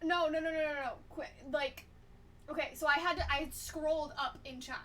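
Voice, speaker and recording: A young woman livestreaming, chatting casually in a flustered, apologetic way that swings from hushed whispers to loud outbursts. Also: sits high, steady tone, normal speed, a little hiss or hum.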